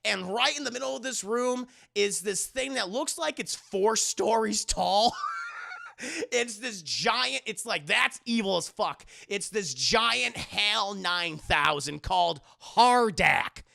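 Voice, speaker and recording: A male streamer recapping a cartoon scene by scene for his chat, excitable and crude. His voice sits high and bright with a gravelly fry running through it. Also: takes it slowly.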